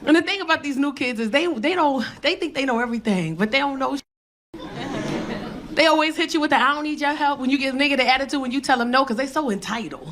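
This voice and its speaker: Teasing the crowd from a club stage, this profane thirty-something comic from New York's South Bronx talks fast in a high, animated voice with a thick New York accent. Loud laughter from the audience fills the live recording.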